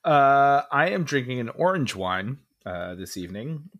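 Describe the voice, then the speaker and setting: A young man with a lowish voice co-hosts a podcast, animated and at a moderate pace with few pauses and a fairly bright tone. His casual chat is enthusiastic and rambling, packed with fillers.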